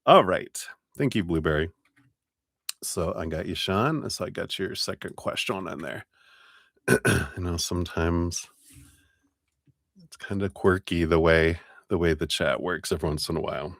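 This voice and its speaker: Deep-voiced man hosting a live stream. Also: no echo, clean studio sound. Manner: friendly, greets viewers by name, thankful. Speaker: tarot reader and live stream host. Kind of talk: casual live-stream chat.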